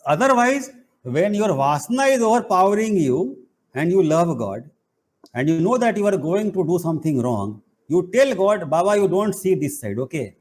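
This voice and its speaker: A middle-aged man, giving an animated spiritual talk full of playful, emphatic rhetorical questions. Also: sits high. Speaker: spiritual teacher and college head.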